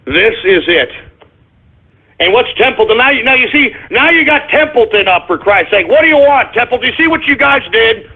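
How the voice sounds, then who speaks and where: Exasperated man with a high voice, rambling and repetitive, heard down a tinny phone line. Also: lively intonation, moderate pace. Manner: exasperated, repeats himself, ends up shouting at a dog. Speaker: radio show talker. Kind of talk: rambling live radio talk.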